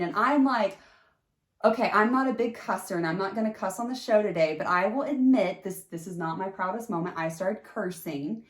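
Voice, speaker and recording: A woman hosting a show, telling a personal story in casual chat and jumping high when acting out what people said. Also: normal speed, roomy sound. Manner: animated, jumps into high pitch acting out quotes.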